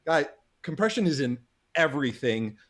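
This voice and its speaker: A man's voice: on the high side, sing-song, normal speed. A man, a guest on a casual livestream chat, speaking articulately and with firm opinions.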